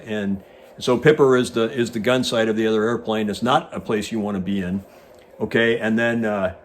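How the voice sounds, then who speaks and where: A man in his sixties, a retired Navy pilot hosting, casually telling an animated anecdote and acting out the dialogue. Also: fairly low pitch, moderate pace, slight background noise. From United States. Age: 60s. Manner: animated storyteller who acts out quoted dialogue.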